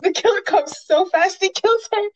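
A woman's voice: very high-pitched, moderate pace, poor audio. A young woman in casual chat, telling game stories expressively and laughing often. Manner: lively, expressive storytelling with laughter.

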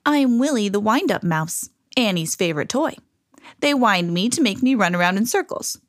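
A woman voicing a gentle, contented male wind-up toy mouse in a read-aloud storybook. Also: mid-range voice, lively intonation, normal speed, no room sound, studio quality, natural voice.

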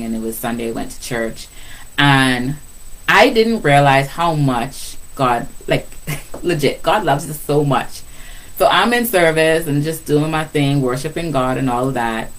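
A middle-aged woman giving a casual, animated faith talk to fellow believers, with a lot of repetition and frequent laughter. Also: sits low, low-quality recording. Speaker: Christian speaker.

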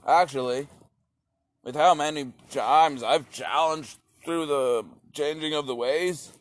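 A man's voice: on the high side, takes it slowly, no room sound. A man talking in a rambling, profane philosophical monologue, repeating his phrases as he goes.

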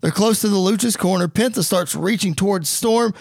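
A man giving energetic, excitable play-by-play commentary and narration for a wrestling game story. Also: high-pitched, brisk, vocal fry, dry recording, studio quality.

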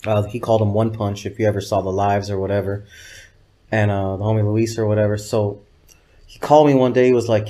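A man's voice: on the low side, fairly even intonation, fairly quick, mellow. A man telling loose, profane anecdotes as an interview guest. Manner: profane, loose, rambling anecdotes with quoted dialogue. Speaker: guest, videographer. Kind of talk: casual interview storytelling.

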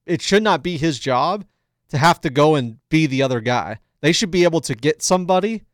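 A man's voice: a little high, lively intonation, fairly quick, dry recording. Argumentative man, dry close sound. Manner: argumentative, teasing, repeats lines for emphasis. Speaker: podcast co-host. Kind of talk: casual sports debate.

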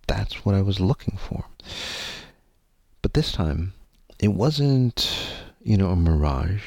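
A man's voice: low voice, animated, slow pace, vocal fry, a little mellow, breathy edge, no room sound. A man telling a candid personal story to his audience, rambling and earnest, with many fillers and some casual swearing.

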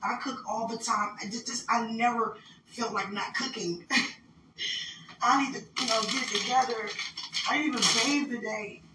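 A woman, a mother, softly and emotionally talking aloud to a loved one in a personal podcast monologue, close to tears. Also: a little high, unhurried, pauses often, very noisy. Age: adult with a son. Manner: soft, intimate, thinking aloud. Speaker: podcast host.

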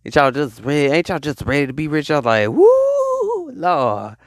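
With a fairly high, fairly even voice, a man preaches on his podcast in a motivational monologue, stretching out the hype and calling for responses from listeners. It's clean studio audio without any echo.

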